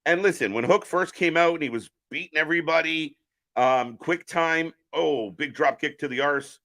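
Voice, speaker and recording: A man's voice: on the high side, normal speed, fairly bright tone. A man hosting a live stream, chatting casually as he calls the action and answers viewer chat. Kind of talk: casual live wrestling watch-along commentary.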